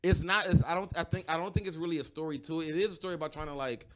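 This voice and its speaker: A man's voice: fairly high pitch, fairly even intonation, very fast, fairly bright tone. A man co-hosting a podcast, chatting casually in a loose, rambling way with lots of fillers and restarts. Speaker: podcast co-host. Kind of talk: casual chat.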